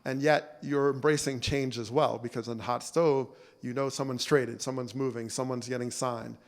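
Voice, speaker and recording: A man in his forties giving a relaxed, storytelling keynote at a banquet, talking conversationally and often adding "you know" and "right?". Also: mid-range voice, moderate pace. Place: banquet hall. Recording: long reverb of a banquet hall.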